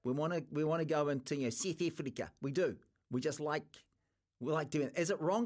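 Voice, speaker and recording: A man's voice: on the high side, fairly quick. A man from New Zealand hosting a sports radio show, chatting casually and teasing his co-host.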